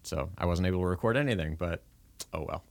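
Deep-voiced man, relaxed musician chat. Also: quick pace. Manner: chatty, self-deprecating, laughs often. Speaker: singer and musician. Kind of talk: casual chat.

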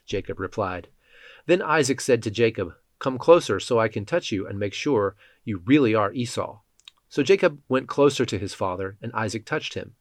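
Low-voiced man reading scripture. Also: no room sound. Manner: measured, even reading with quotes voiced in the same voice. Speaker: scripture reader.

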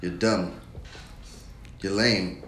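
A man's voice: sits low, extremely slow, fairly bright tone. A man hosting a casual podcast chat, goofy and joking, talking into a studio mic. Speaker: podcast host. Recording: echoey room with faint noise.

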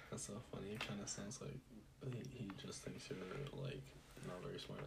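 A man's voice: sits low, big pitch swings, unhurried, gravelly, a crowd in the background. A young man co-hosting a casual podcast, rambling with lots of fillers and restarts. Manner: rambling, hesitant, full of fillers. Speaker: podcast co-host. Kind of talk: casual chat.

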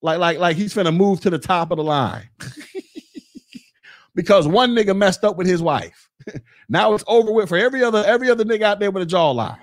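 A man's voice: high-pitched, a little fast, pauses often. A man in his forties hosting a podcast, ranting bluntly with mocking, profane talk. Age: 40s. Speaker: podcast host. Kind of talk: casual rant.

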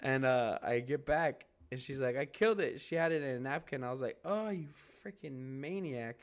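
A man's voice: medium pitch, moderate pace. A young man co-hosting a podcast, telling rambling stories in casual chat, full of "like", "dude" and swearing. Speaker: podcast co-host.

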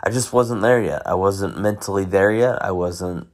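Male podcast host, deep voice, loose unscripted solo chat full of false starts. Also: moderate pace. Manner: rambling, many restarts and self-corrections. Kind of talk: casual solo monologue.

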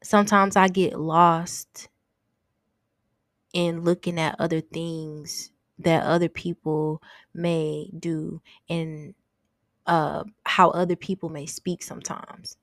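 A young woman hosts a casual faith podcast in a lowish voice, earnest and open as she confesses her thoughts. She circles back over her words as she talks. The sound is close and dry. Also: little pitch movement, takes it slowly, no room sound. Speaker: podcast host.

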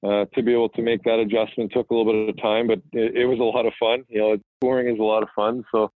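Guest, man in his thirties, low and flat, rambling and relaxed, on a tinny, dry phone line. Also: fast, dry recording. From Manitoba, Canada. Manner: relaxed, rambling, frequent fillers and restarts. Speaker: guest, professional hockey player. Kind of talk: casual phone interview.

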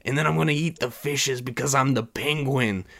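A man's voice: mid-range voice, normal speed, vocal fry, fairly bright tone, voice pushed up. A man putting on the voice of a wisecracking male mobster penguin villain with a gangster drawl. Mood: mock menacing. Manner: gangster tough-guy drawl.

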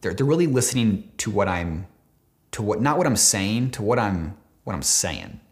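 A man's voice: lowish voice, sing-song, moderate pace. A man of twenty-nine talking casually and emotionally to camera, rambling with many fillers and restarts, swearing now and then, choked up at times. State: near tears, choked up at times. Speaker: vlogger. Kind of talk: casual heartfelt talk to camera.

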